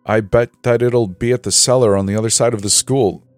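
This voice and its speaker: A man's voice: medium pitch, fairly even intonation, brisk, a little mellow, dry recording, faint music behind, pitched above the performer's own voice, close to an everyday voice. A man voicing a nervous teenage boy who covers his fear with forced bravado. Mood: nervous planning.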